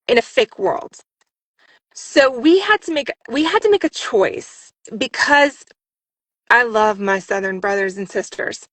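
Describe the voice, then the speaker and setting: Bubbly young woman voice actor rambling fast in an interview, highish voice, dry remote mic. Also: fairly bright tone, no room sound. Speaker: voice actress and audiobook narrator, guest. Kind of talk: casual interview chat.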